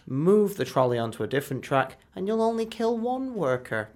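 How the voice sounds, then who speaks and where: Talking at a normal speed in a high voice, a young man co-hosts a student radio program from the studio. The banter is casual, and he narrates with animation while improvising characters.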